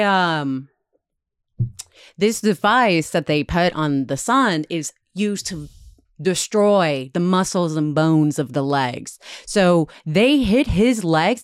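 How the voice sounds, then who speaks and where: A woman casually retelling a dark history story, acting out the quotes with lots of "like". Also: lowish voice, clean tone, dry recording, studio quality. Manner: animated retelling, acts out quotes, frequent "like". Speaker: podcast host telling a history story.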